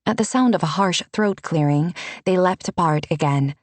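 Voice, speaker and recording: Brief: woman audiobook narrator, measured, dry studio. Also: on the low side, darkish tone, no echo. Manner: measured, unhurried.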